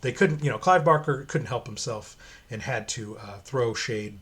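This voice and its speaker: A man's voice: mid-range voice, moderate pace, fairly bright tone. A man giving casual, profane, opinionated commentary while reading a comic aloud. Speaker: comic reviewer.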